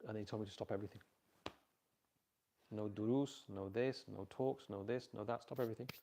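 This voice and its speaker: A man's voice: on the low side, fairly quick, creaky, a little hiss or hum. A middle-aged man giving an informal religious talk on parenting to a live audience, telling stories and quizzing listeners with repeat-back questions. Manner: storytelling with animated quoted voices.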